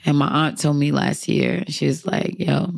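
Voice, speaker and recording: A young woman from Brooklyn, full of energy, tells stories and slips into the voices of her relatives. Her speaking voice sits fairly low. The sound is close and dry. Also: normal speed, creaky, no room sound. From Brooklyn, New York. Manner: animated storyteller, acts out family voices. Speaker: guest singer-songwriter. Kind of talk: casual chat.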